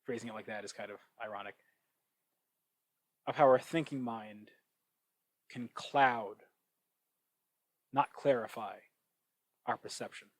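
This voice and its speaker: A man talks through his ideas in a loose, reflective solo podcast, circling back and restarting as he thinks. His voice sits at an ordinary middle pitch. The sound is dry and close, from a cheap microphone. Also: measured pace, long pauses, dry recording, poor audio. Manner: thinking out loud, with frequent restarts and asides. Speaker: podcast host. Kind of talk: casual reflective monologue.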